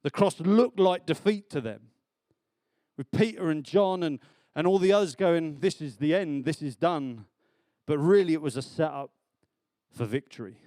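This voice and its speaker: A man preaching a sermon in church, chatty and animated, laughing often. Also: on the high side, moderate pace, no room sound.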